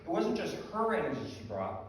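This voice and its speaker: A man's voice: high voice, very animated, a little fast. A male pastor preaching a sermon in a conversational, self-deprecating storytelling manner. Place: church sanctuary. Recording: echoey hall from far off.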